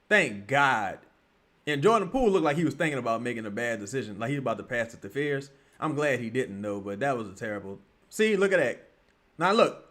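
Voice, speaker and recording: Animated man reacting to a game. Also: mid-range voice. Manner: profane, animated, swings from mutters to yelling. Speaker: streamer reacting to a live game. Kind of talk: casual live game reaction.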